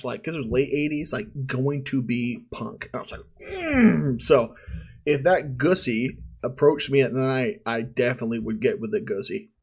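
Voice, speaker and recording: A husky-voiced man hosts a podcast in a loose, rambling way. He fills his stories with slang and laughs as he goes. His pitch sits in an ordinary middle range. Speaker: podcast host. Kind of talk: casual chat.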